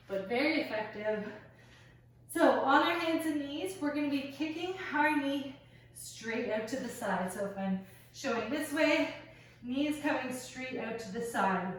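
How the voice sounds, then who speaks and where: A breathless woman coaching a home workout, calling cues between sighs. Her voice sits a little high and comes slowly and deliberately. It is recorded from a distance in a very echoey room. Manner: breathless, encouraging cues while exercising. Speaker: fitness instructor. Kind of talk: workout instruction.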